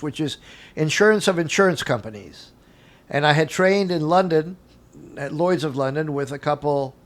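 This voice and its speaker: An older man, a guest on an interview show, telling animated anecdotes from his career and acting out the dialogue with frequent chuckles. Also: on the high side. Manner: acts out dialogue in quotes. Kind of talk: casual storytelling interview.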